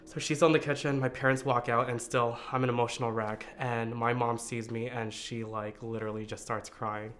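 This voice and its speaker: A man's voice: mid-range voice, flat delivery, moderate pace, hardly any pauses, a bit bright. Earnest man telling a personal story. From United States. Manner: reflective and earnest, with hesitant fillers and restarts. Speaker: storyteller sharing his coming-out story.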